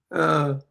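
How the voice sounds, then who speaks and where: A man's voice: fairly high pitch, creaky. A blunt, emphatic man, talking in a casual monologue as a podcast host. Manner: blunt, emphatic, plain-spoken.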